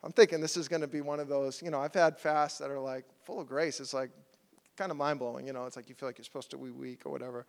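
A man giving a sermon testimony in animated storytelling style, acting out his own quotes, at times loud and at times soft. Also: mid-range voice, fast, gravelly, big-room sound. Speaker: preacher sharing a testimony.

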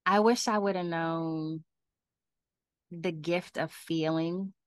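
A woman author answering podcast interview questions, talking animatedly and laughing often, her voice leaping up when she gets excited. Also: low voice, slow, no echo. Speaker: author and guest.

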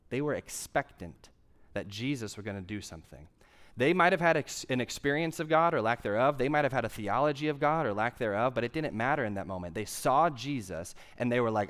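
A young man delivers a sermon in a relaxed, talky way. He circles back to key phrases and repeats them for emphasis, then drops into asides and fillers before pressing the point again. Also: lowish voice, fairly quick. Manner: conversational preaching with emphatic repetition. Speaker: pastor.

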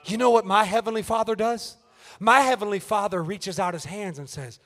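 A man preaching at a youth meeting, swinging from shouted appeals down to hushed, near-whispered lines. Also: high voice, moderate pace. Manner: rises to shouted calls, then drops to near-whispers. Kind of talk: fiery sermon. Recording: reverberant church hall.

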